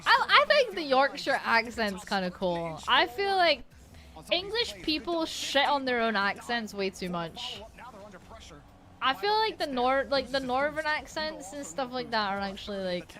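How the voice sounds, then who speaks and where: A woman's voice: sits high, sing-song, a little slow, pushed and bright. A woman with a Polish accent chatting casually on a gaming stream, swearing now and then and restarting her sentences often. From Poland.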